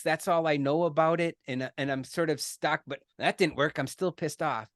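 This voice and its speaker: A man's voice: a little high, moderate pace, hardly any pauses, dry recording, clean studio sound. A middle-aged man giving an earnest, conversational explanation as a podcast guest, often checking in with "right?" and restarting his words.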